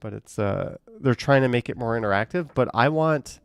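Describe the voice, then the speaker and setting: Gravelly-voiced man rambling on a stream. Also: mid-range voice, lively intonation, moderate pace, no echo, clean studio sound. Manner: rambling and hesitant, trails off with fillers. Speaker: live streamer reading viewer chat. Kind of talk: casual live-stream chat.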